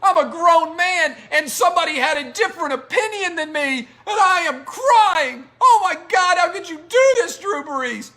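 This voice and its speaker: A man mocking a weepy, whining grown man, voice pushed way up into a high, bright register. He sobs and complains with theatrical self-pity. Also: expressive, moderate pace, hardly any pauses, exaggerated voice. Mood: mock crying. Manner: mock-sobbing, whiny, theatrical. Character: adult man weeping over a differing opinion.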